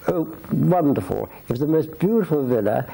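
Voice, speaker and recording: A man's voice: on the high side, lively intonation, normal speed, vocal fry, mellow, rough recording. A man in his eighties telling long rambling stories about his past in a filmed interview at his home. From Scotland. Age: 80s. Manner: rambling, anecdotal, with restarts and asides. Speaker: interviewee, society photographer.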